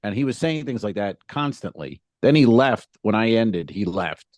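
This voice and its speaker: Low-voiced comedian telling road stories. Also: male voice, moderate pace, no room sound. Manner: animated storytelling, acts out hecklers and himself on stage. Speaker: stand-up comedian and podcast co-host. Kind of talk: casual chat.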